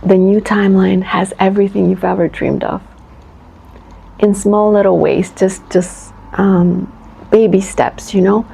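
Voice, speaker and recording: A woman giving a collective tarot reading, talking in an effusive, rambling way. She laughs often and acts out reactions in a high voice. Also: flat delivery, unhurried, creaky, mellow, breathy edge, rough recording. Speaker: tarot reader.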